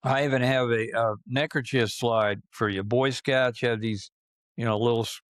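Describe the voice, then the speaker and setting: A man's voice: medium pitch, fairly even intonation, normal speed, no room sound. Older man telling rambling stories. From Georgia. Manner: rambling, repeats and restarts phrases, chuckles through stories. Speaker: podcast guest storyteller. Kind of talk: casual storytelling.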